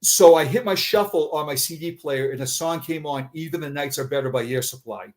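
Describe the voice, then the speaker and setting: A middle-aged man, a retired police officer, telling a personal story in conversation, halting and often repeating words. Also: a little high, a little mellow.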